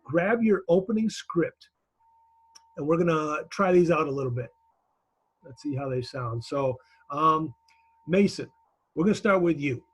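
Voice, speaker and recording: A man leads a class over a video call, giving direct, encouraging feedback. His voice sits a little high and he restarts phrases often as he talks. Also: animated, unhurried, pauses often, breathy edge. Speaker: instructor.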